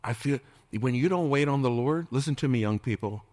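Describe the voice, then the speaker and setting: A pastor speaks a little fast in a mid-range, slightly mellow voice on a dry recording. His sermon is preachy, full of questions thrown at the congregation, with playful impressions and jokes.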